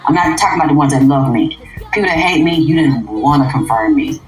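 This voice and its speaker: A woman hosting an unscripted livestream rant, profane and emphatic, dropping to low mutters and jumping up to loud outbursts. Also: quick pace, reverberant, faint music behind, poor audio. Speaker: livestream host.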